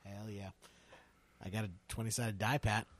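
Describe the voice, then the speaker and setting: A man's voice: lowish voice, little pitch movement, moderate pace, fairly bright tone, no echo. A man co-hosting a casual podcast, easygoing and jokey with some fillers. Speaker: podcast co-host.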